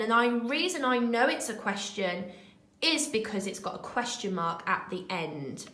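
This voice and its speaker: A woman primary school teacher talking young children through a remote lesson, slow, clear and encouraging. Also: fairly high pitch, a bit bright, echoey room, low-quality recording.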